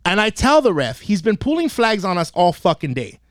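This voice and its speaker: High, lively-voiced man ranting. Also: brisk, no echo, clean studio sound. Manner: animated, swears constantly, acts out quotes. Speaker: podcast host and youth football coach. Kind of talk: profane comedic storytelling. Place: podcast studio.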